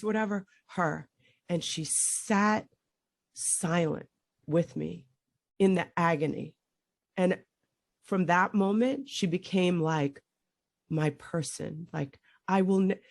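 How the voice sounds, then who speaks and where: A woman's voice: on the low side, gravelly, a little mellow, dry recording, clean studio sound. A middle-aged woman hosting a podcast, telling an emotional story that rambles and breaks off mid-sentence, her voice climbing when she relives moments of panic. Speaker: podcast host.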